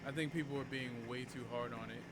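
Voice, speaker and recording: A man's voice: mid-range voice, fairly even intonation, quick pace, noisy background. Joking male game streamer. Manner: joking, chatty, laughs often. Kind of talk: casual livestream commentary.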